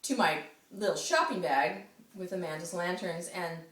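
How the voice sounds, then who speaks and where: A woman telling a friend a story in casual chat, animated, often laughing and acting out the people she quotes. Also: fairly low pitch, moderate pace. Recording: roomy, distant mic, noisy background.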